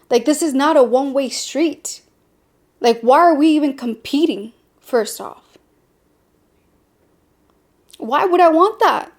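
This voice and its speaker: Sassy high-voiced woman giving blunt dating talk. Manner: blunt, sassy and animated, with sarcastic asides. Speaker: podcast host. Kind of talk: candid personal talk.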